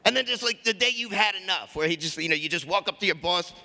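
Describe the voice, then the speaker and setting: A man's voice: high voice, lively intonation, fast talker, vocal fry, bright, forceful tone. A man doing a stand-up comedy set on a conference stage, chatting with the crowd and acting out quoted voices.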